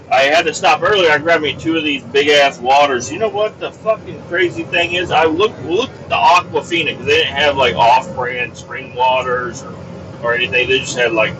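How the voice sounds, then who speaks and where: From his car on the highway, a male podcast host rambles through a casual, exasperated monologue full of profanity. The mic sounds distant and dull, with car and road noise in the background.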